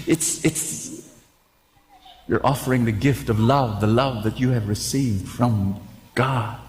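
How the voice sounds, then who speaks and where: Slow-speaking priest in an echoey basilica. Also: male voice, mid-range voice, expressive. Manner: storytelling, repetitive restarts. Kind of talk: sermon at mass. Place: large church. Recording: echoey basilica, loud music.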